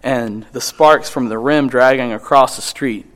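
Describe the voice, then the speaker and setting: A man preaching a sermon in an earnest, halting way, with frequent restarts, who reads scripture aloud slowly and with emphasis. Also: mid-range voice, fairly bright tone.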